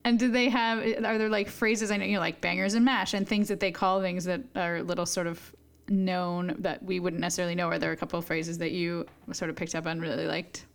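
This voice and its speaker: A woman hosting a podcast in a casual chat, asking quick follow-up questions and laughing often. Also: fairly low pitch, flat delivery, creaky. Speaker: podcast host.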